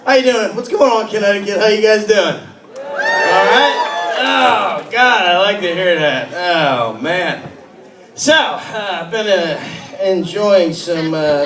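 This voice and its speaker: A man doing a loose, rambling stand-up set in a comedy club, full of uhs and sudden loud character voices. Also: sits high, sing-song, slow pace. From New York. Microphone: handheld stage mic. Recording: echoey club recorded from far off. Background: laughing crowd.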